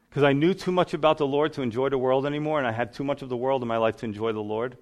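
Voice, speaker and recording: A man's voice: medium pitch, fast, a faint crowd. A man, a pastor giving a sermon testimony, telling his story and acting out the voices in it. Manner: storytelling, acts out voices in quotes.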